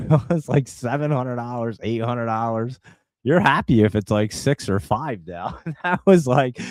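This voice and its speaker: A man's voice: medium pitch, a little mellow, no echo, studio quality. A man from New Jersey hosting a live stock market stream, talking casually and rambling in an exasperated way to his viewers. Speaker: stock market show host.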